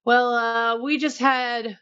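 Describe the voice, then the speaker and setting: A woman player speaks hesitantly in character. Her voice is fairly high, and the recording sounds dull and lo-fi. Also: flat delivery, takes it slowly, sharp tone, smooth. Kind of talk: in-character roleplay.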